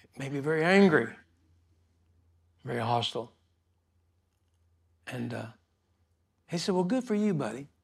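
An older male pastor preaching a sermon, telling a folksy story in a relaxed, repetitive way with chuckles. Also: mid-range voice, unhurried, creaky, pauses often, husky.

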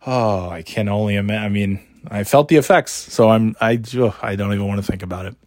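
A middle-aged man sits close to a dry, deadened mic and rambles through his solo podcast in a slightly low voice. His throat sounds scratchy and worn after being ill. He keeps the talk loose and chatty, and pokes fun at himself as he drifts from one tangent to the next. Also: fairly quick, a little mellow, no echo. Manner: rambling, self-mocking, swears casually. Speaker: podcast host. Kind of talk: casual solo podcast chat.

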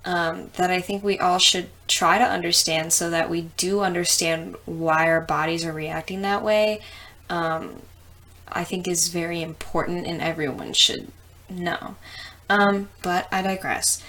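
A woman's voice: fairly low pitch, steady tone, measured pace, fairly bright tone. A young woman from the US Midwest who explains science in a casual, chatty way, with lots of ums and plenty of swearing. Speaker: host.

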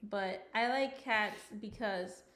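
A woman's voice: mid-range voice, slow pace, fairly bright tone, echoey room. A woman in her thirties co-hosting a podcast, chatting casually in an easygoing, playful way and laughing often. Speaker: podcast co-host. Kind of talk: casual chat.

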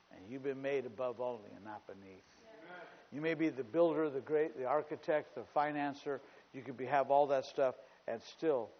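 A male pastor preaching a sermon, shifting from quiet storytelling to loud, emphatic declarations and repeating phrases for emphasis. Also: medium pitch. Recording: dull lo-fi recording with long hall reverb.

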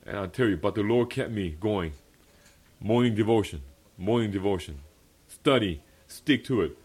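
A man's voice: fairly low pitch, animated, moderate pace, a little mellow, husky. A young adult male pastor preaching a personal testimony sermon at a fellowship meeting, earnest and emphatic, repeating key phrases and laughing often.

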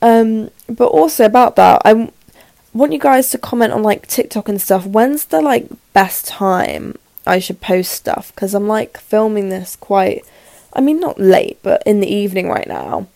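Nervous eighteen-year-old woman, gravelly voice. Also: mid-range voice, warm tone, no echo. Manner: rambling, nervous, fast, lots of "like". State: sore throat from covid. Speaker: podcast host. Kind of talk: casual solo podcast chat. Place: her room in the evening.

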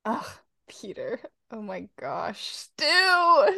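A woman co-hosting a podcast, chatting casually through a guessing game, animated and quick to laugh and exclaim. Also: mid-range voice, no echo, clean studio sound. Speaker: podcast co-host.

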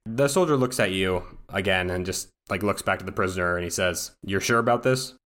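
A man narrating a tabletop game as the game master, describing scenes at a steady pace. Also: low voice, a little fast.

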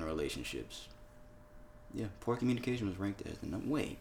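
A young podcast co-host chats loosely and casually, swearing, laughing and reading headlines out loud. His medium-pitched voice is animated and a little slow.

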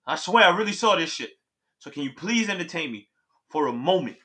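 An actor playing an excitable young man who swears loudly and tells a frantic story in slang, in an audio drama. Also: fairly high pitch, fairly quick. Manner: loud, agitated storytelling with slang. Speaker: Trey, a young man who saw the Grim Reaper.

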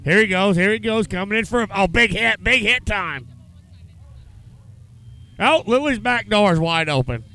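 A man giving excitable, profane play-by-play commentary outdoors at a demolition derby. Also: sits high, normal speed, long pauses.

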